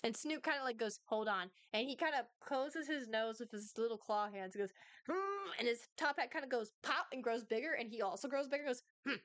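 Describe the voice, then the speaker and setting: A young woman running a tabletop game as game master, narrating in a lively way and laughing between lines. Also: a little high, fast, hardly any pauses, no room sound.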